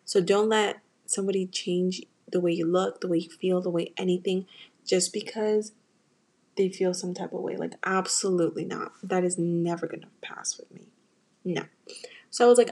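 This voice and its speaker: A young American woman hosts a podcast, telling a personal story candidly and emotionally while speaking straight to her listeners in a casual, confessional way. Her medium-pitched voice is steady, a little mellow and slightly rough, at a moderate pace.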